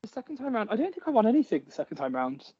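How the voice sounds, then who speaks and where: A man chats as an interview guest, rattling through his stories at a quick clip and leaning on "like" between phrases. His voice sits high for a man. The sound is dry and a little dull and lo-fi. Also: wildly swooping pitch, mellow, husky, no echo. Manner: chatty storytelling with many "like" fillers. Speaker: actor and guest. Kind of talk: casual interview chat. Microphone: headphones.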